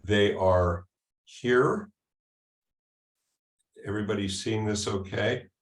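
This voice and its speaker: At a user group meeting, a man walks through a software demo casually, halting often with ums and restarts. His voice is lowish, and the room sounds echoey.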